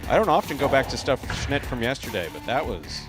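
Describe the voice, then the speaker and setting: A man of ordinary pitch calls a jai alai match play by play, clipping off each shot crisply, and drifts into loose, rambling banter between games. Music plays clearly behind his voice. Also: sing-song, fairly quick. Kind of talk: sports commentary and casual banter.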